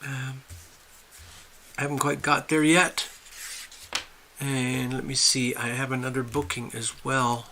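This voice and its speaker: A man's voice: mid-range voice, level tone, takes it slowly, long pauses, bright, forceful tone, a little hiss or hum. A man hosting a casual live stream, greeting viewers by name and rambling in a friendly, chatty way while he sets up at home. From USA. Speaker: livestream host. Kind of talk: casual live chat reading viewer comments.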